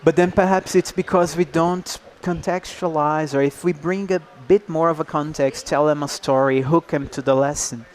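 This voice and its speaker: A man presenting a live workshop to teachers, lively and engaging, often checking in with the group. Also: fairly high pitch, moderate pace, few pauses. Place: indoor workshop room.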